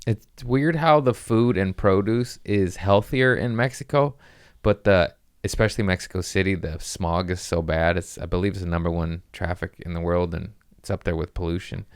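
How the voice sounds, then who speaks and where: A man with a low voice hosts a loose comedy podcast. He rambles from one bit to the next, swears freely and gets excitable. The sound is close and dry, like a small studio. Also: normal speed, clean tone, dry recording. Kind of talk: casual podcast chat.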